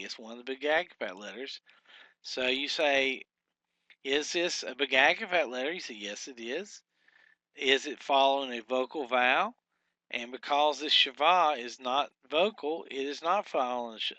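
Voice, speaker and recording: A man teaching a recorded workbook lesson, methodically thinking aloud and sounding out syllables slowly. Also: mid-range voice, sharp tone, no room sound. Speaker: Hebrew teacher.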